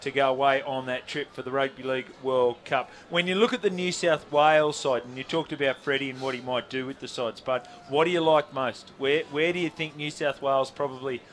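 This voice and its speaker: A man's voice: medium pitch, brisk, few pauses, a bit bright. A man with an Australian accent hosting live sports radio, upbeat and steering the conversation. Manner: upbeat, steering the talk, reading out numbers. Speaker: radio host.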